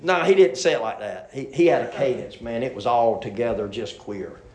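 A man's voice: medium pitch, moderate pace, a little mellow. A male pastor, preaching a sermon in a folksy, rambling way that restarts often. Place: church sanctuary. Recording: echoey church room.

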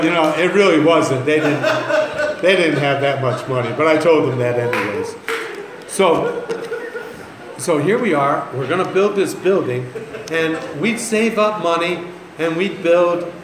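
A male pastor tells stories from the pulpit in an unhurried, folksy way, laughing at his own jokes. His voice sits a little high for a man. The recording is roomy and echoey, with faint ambience in the background. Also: fairly bright tone, slight background noise. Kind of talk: sermon storytelling.

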